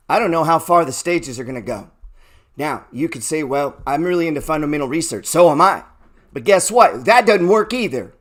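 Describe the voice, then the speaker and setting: A man with a fairly high voice giving a fired-up trading talk. He swears freely, asks rhetorical questions, and drops from loud bursts to low murmurs. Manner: profane, emphatic, rhetorical questions. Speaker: trading educator. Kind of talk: motivational talk.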